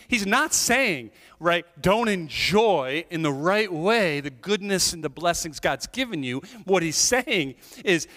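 A male pastor preaching a sermon in a church, conversational and animated, with jokes and asides to the congregation. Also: a little high, long reverb tail. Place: church sanctuary.

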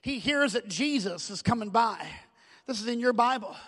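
A male pastor preaching a fervent sermon, repeating phrases and building up to shouts. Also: extremely high pitch, lively intonation, normal speed, in a large hall.

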